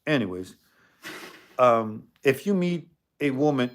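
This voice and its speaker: A man's voice: mid-range voice, slow. Streetwise man chatting, scolding a spirit. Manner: streetwise, scolding, animated asides. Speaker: paranormal streamer. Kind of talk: casual spirit-box chat.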